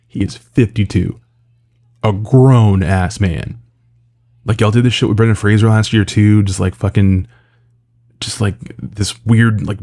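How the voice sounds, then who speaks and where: A man with a low, mellow voice rants in loose commentary, swearing freely and packing his talk with fillers. He sounds sarcastic and exasperated throughout, with a relaxed tone even when he is heated. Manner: profane, exasperated, sarcastic, lots of filler words. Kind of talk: casual ranting commentary.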